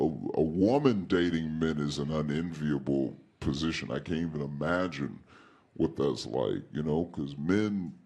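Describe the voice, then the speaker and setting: A man doing a stand-up comedy set, telling stories in an animated way and acting out the dialogue in raised voices. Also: rumbling low.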